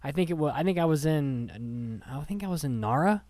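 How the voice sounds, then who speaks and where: A man's voice: a little high, expressive, a little fast, a little mellow, no echo. A young man co-hosting a podcast, chatting casually with a joking, playfully dramatic manner. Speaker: podcast co-host. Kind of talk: casual chat.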